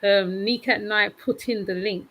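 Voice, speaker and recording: A woman from England with an English accent, a guest YouTuber chatting casually on a livestream, quick to laugh and full of "like" and restarts. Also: mid-range voice, steady tone, a bit bright, slight background noise, rough recording. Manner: laughs easily, lots of "like" and restarts.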